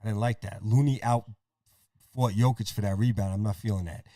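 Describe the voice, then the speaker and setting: Male podcast host, excitable play-by-play caller, dry close voice. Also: on the low side, dry recording. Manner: rapid game calling, profane, excitable. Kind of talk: casual play-by-play over a game.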